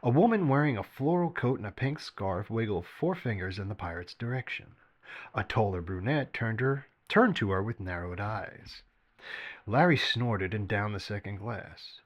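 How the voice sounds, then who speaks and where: A man reads his own fiction aloud as a storyteller. His delivery is expressive and animated, with pitch that rises and falls freely. Now and then he slips and restarts a phrase. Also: moderate pace. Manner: lively, expressive reading with occasional slips and restarts. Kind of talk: story narration read aloud.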